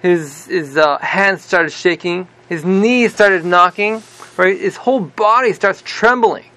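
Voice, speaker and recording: A man teaching a casual religious class, retelling a story in an animated way and constantly checking in with "right?". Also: sits high, takes it slowly. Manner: animated, repeats "right?" constantly, many restarts.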